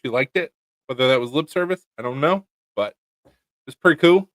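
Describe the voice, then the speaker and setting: A man's voice: medium pitch, expressive, a little fast, fairly bright tone, no room sound. A man co-hosting a casual chat show, telling laid-back stories and swearing casually. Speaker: podcast co-host, knife maker.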